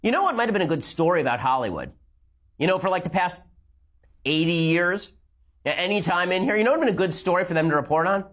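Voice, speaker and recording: A man giving rapid, sarcastic commentary as he reacts to a speech and argues his point. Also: high voice, lively intonation, a bit bright. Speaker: political commentator.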